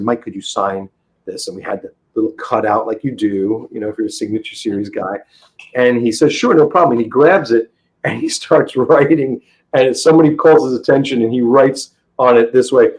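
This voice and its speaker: A man's voice: medium pitch, steady tone, a little fast, darkish tone, poor audio. A middle-aged man, a guest on a podcast, telling stories in a rambling, enthusiastic way full of restarts. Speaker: interview guest, comic book dealer. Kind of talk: casual podcast storytelling.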